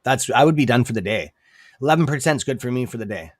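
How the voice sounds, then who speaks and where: A man's voice: mid-range voice, animated, fast, dry recording, clean studio sound. A man with an accent hosting a casual livestream about stocks, talking loosely and tagging lines with "okay?". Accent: non-native English accent. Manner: chatty, repeats "okay?", sudden outbursts. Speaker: stock trading streamer. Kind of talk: casual livestream market talk.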